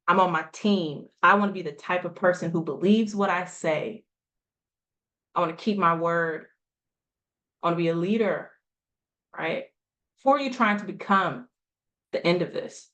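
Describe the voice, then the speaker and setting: A woman's voice: on the low side, normal speed, pauses often, fairly bright tone. Emphatic woman coaching a group. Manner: emphatic, rhetorical questions, repeats lines for effect. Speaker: health coach. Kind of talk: motivational coaching talk.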